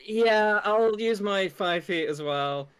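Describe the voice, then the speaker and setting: A man playing a tabletop game, blunt and quick to swear. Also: high-pitched, fairly bright tone, clean tone. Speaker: player. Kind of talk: casual tabletop game chat.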